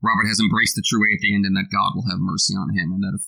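A man co-hosting a podcast, discussing a book in a quick, analytical way with long run-on thoughts. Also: deep voice, level tone, vocal fry, bright, forceful tone, rough recording. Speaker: podcast co-host.

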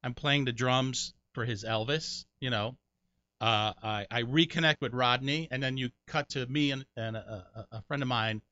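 A middle-aged man from Connecticut, a comedian guest in an interview, telling animated stories and jumping high when he acts out other people. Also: normal speed, clean tone, no echo. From Connecticut, USA. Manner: animated storyteller, jumps high doing other people's voices. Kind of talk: storytelling interview. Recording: dry, muffled sound.

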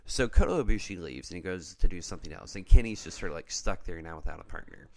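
A man's voice: sits low, animated, quick pace, vocal fry, darkish tone, slight background noise. A man co-hosting a casual chat, walking through a story step by step and checking in with his listener as he goes. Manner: storytelling, explains step by step with frequent "okay?" check-ins. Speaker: podcast co-host. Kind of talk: casual wrestling recap chat.

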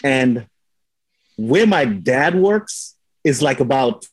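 A man in casual chat, telling a story in an animated way and acting out the lines of the people in it. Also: mid-range voice, slow pace, slightly rough, dry recording, low-quality recording. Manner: animated storytelling, acts out quotes with swearing.

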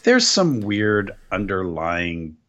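Male podcast co-host, dry wit, lively questioning tone. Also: lowish voice, takes it slowly. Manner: wry, questioning, dry jokes. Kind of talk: casual podcast chat.

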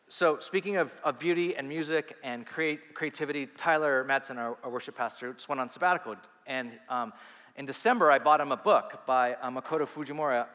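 A man preaching a sermon as pastor, earnest and animated, with quick asides and restarts. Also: medium pitch, long reverb tail.

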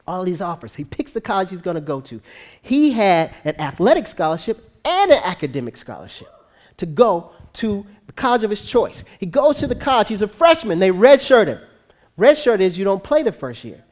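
An animated preacher telling a long story in a sermon, talking to the congregation in a loose, conversational way. The voice sits in an average pitch range and often drops lower and quieter during the telling. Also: a little fast. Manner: conversational, animated, frequent tag questions.

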